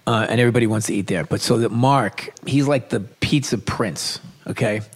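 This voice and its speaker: Husky New York man telling food stories. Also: medium pitch. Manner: enthusiastic storyteller, quick asides and restarts. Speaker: podcast co-host. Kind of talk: casual chat.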